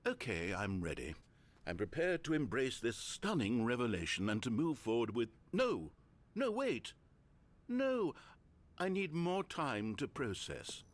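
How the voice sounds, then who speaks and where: A man's voice: mid-range voice, big pitch swings, a little slow. A man voicing the sardonic male narrator of a game, speaking scripted lines with dry, mock-awed sarcasm.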